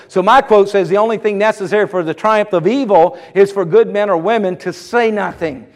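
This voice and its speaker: A man's voice: sits high, long reverb tail. A middle-aged man preaching a sermon as pastor, fervent and emphatic, with repeated exclamations.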